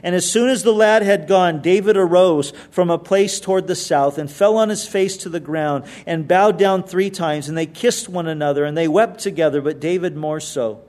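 A man's voice: high-pitched, moderate pace, hardly any pauses, a little mellow. A male pastor reading scripture aloud and explaining it in a conversational sermon, with emphatic retellings.

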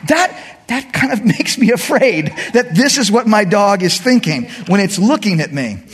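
A man preaching a sermon, retelling a scripture story as an animated, joking storyteller. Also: sits high, normal speed, husky. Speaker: pastor.

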